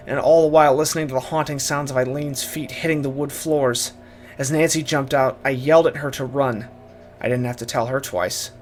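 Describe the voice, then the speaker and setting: A man's voice: mid-range voice, fairly even intonation, fairly quick, slight background noise. A man narrating a first-person horror story, dramatic and urgent in his telling.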